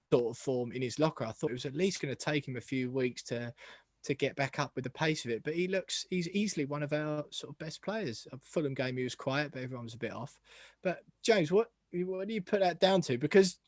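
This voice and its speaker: A man's voice: on the high side, dry recording, clean studio sound. Chatty man hosting a podcast. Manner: chatty, self-deprecating, laughs often. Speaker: podcast host. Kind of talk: casual football podcast chat.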